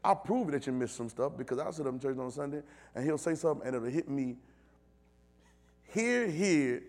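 A man preaching a sermon in a call-and-response style, building from low asides to loud shouted calls, with speech. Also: animated, moderate pace, faint music behind.

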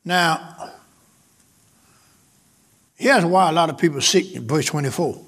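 A man's voice: fairly high pitch, takes it slowly, fairly bright tone. A male pastor, preaching a sermon that swells in emphasis, with repetition and calls out to the congregation.

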